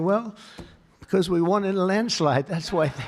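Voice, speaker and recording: A man's voice: high-pitched, measured pace, slight background noise. A man giving an off-the-cuff public speech to a live audience, rambling and repetitive, with many superlatives and asides. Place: event hall with a live audience.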